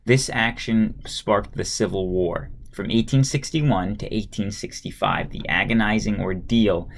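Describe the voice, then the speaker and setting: A man with a fairly low voice reads a history textbook aloud in a plain, steady way. He breaks off now and then for a relaxed aside to the listener, and he sometimes trips over a word and starts it again. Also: a little slow, creaky, slight background noise. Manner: plain steady read-aloud, occasional stumbles and restarts.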